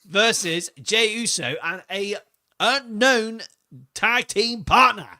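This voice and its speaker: A man's voice: high-pitched, takes it slowly. A man co-hosting a wrestling podcast, chatting casually and telling stories in a rambling, joking way. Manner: rambling, joking, animated storyteller. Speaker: podcast co-host.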